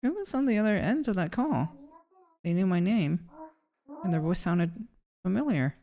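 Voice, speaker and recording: Woman doing a scared young woman, anxious, pleading, lively swinging voice. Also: fairly low pitch, normal speed, pitched above the performer's own voice. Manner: anxious, questioning. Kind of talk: fan voice acting of a game.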